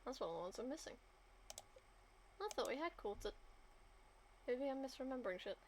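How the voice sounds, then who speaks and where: A woman's voice: sits high, animated, fairly quick, a little mellow, slight background noise. A young adult woman streamer chatting casually over her game, muttering to herself and now and then whispering a swear under her breath. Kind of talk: casual gameplay commentary.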